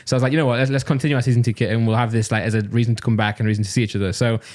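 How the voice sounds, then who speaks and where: A man from Nottingham with a Midlands accent, co-hosting a casual podcast and telling an exasperated, animated story. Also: medium pitch, racing. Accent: English Midlands. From Nottingham, England. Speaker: podcast co-host.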